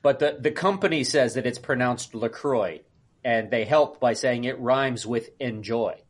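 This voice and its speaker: A man co-hosting a podcast in casual chat, rambling and trailing off quietly. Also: mid-range voice, normal speed. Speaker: podcast co-host.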